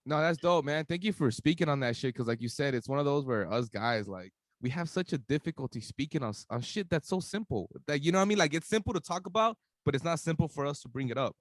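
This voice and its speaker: Quick, slangy man as host. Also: a little high, animated, no echo. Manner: laid-back, slangy, quick backchannels. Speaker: podcast host. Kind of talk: casual interview chat.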